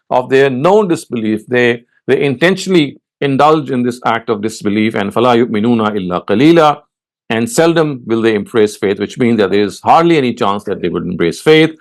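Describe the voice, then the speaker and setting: A man's voice: medium pitch, expressive, a little fast. A man teaching a close reading of scripture, explaining patiently, reciting verses and repeating phrases as he thinks. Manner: acts out respectful and mocking tones in quotes. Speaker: Quran teacher. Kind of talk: lecture with textual commentary.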